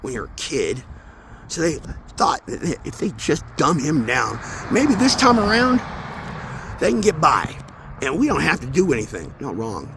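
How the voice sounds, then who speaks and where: A man walking outdoors and talking into his phone in an intense, rambling spiritual monologue, swearing often and swinging between mumbles and loud outbursts. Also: on the high side, wildly swooping pitch, a little slow. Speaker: vlogger. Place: outdoors near traffic, walking. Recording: outdoor phone audio with street noise.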